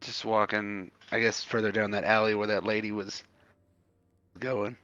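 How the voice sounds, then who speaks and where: Male tabletop player, low smooth voice, filler-laden telling, dull dry lo-fi mic. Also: little pitch movement, moderate pace, a bit bright, no echo. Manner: loose, filler-heavy storytelling with many "like"s. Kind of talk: in-character tabletop narration.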